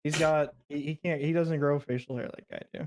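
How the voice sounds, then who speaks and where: Man, co-host, casual chat, easygoing, rambling, slightly high-pitched. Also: fairly even intonation, brisk, a little mellow, slight background noise. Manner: easygoing, rambling, self-deprecating. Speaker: co-host of a streamer show.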